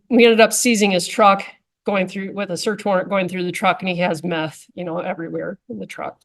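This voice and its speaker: A woman conservation officer telling a casual, anecdotal story to a club audience, with frequent fillers like "um" and "like". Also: lowish voice. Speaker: conservation officer giving a talk.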